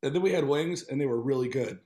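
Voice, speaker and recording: A man's voice: mid-range voice, fast talker, dark tone. A man co-hosting a podcast, talking in a rambling, chatty way and laughing often. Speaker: podcast co-host. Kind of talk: casual podcast chat.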